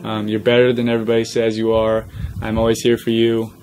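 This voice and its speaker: A young man in a personal vlog to his followers, earnest and choked up, pausing often with "um". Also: fairly low pitch, monotone, darkish tone, slight background noise. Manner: earnest, emotional, many pauses and "um"s. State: choked up, near tears. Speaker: social media creator. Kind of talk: personal vlog talking to camera.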